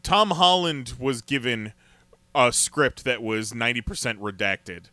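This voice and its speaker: A man's voice: mid-range voice, measured pace, bright, forceful tone, no echo. A man co-hosting a casual podcast chat, chatty with many fillers and restarts. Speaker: podcast co-host.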